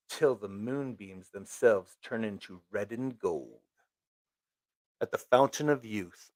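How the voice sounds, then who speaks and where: A man's voice: on the low side, dry recording. A man reading a horror comic aloud in a casual, unpolished way, sometimes stumbling over words. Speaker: comic book reader. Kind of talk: amateur read-aloud of a comic.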